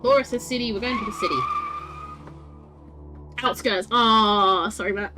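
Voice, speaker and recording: A woman's voice: on the high side, slow pace, pauses often, bright, forceful tone, faint music behind. A woman streaming a story game, chatting with her viewers, laughing often and swearing casually.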